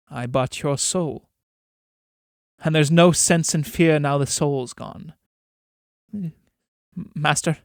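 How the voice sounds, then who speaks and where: A man's voice: high voice, no echo, clean studio sound, voice pushed up, natural voice. A man voicing frightened, desperate starving peasants in a raised, pleading and urgent voice.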